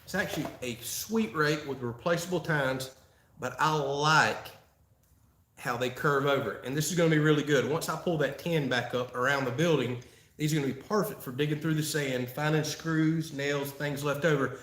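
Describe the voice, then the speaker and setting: Answering his live chat, a Florida channel host chats folksily and laughs a lot during a casual Q&A stream. His voice is fairly high and a bit bright at a moderate pace, captured with roomy echo.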